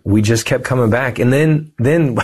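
A man in his thirties, a guest on a podcast, telling a personal story in a lively, conversational way and acting out the voices of the people in it. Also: medium pitch, moderate pace, slightly rough. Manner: animated, lively storyteller who acts out quoted dialogue.

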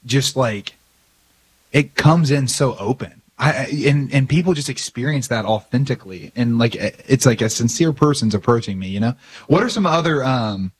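A man hosting a faith podcast, affirming his guest and asking reflective follow-up questions. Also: mid-range voice. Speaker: podcast host. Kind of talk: casual faith conversation.

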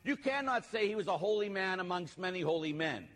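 A man's voice: sits high, expressive, a little fast, a bit bright, long reverb tail. A man preaching a sermon, emphatic, who repeats his points for stress.

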